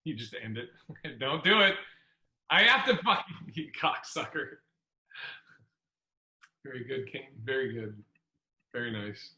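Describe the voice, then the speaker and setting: A man hosting a podcast, telling a comedy club story in a casual, profane, animated way. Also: medium pitch, a little slow, long pauses, echoey room, rough recording.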